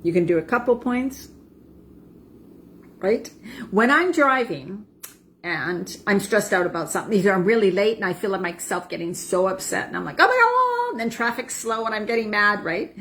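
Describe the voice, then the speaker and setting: A woman in her forties, a wellness coach, calmly guiding a tapping practice and checking in with "right?" and "okay?". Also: mid-range voice, normal speed, a little hiss or hum. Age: 40s. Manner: soothing affirmations with frequent "right?" and "okay?". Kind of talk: guided self-help demonstration.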